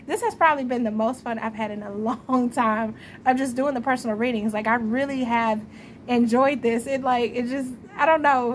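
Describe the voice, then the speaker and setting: A woman's voice: fairly high pitch, a little hiss or hum. A woman reading tarot at home at night, chatty and friendly, often laughing and calling her viewers y'all. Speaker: tarot reader.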